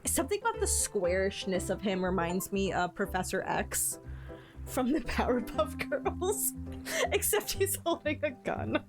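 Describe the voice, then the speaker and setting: A woman's voice: fairly high pitch, sing-song, unhurried, over music. A woman streamer reading a book from a game aloud to her chat, breaking off for playful asides.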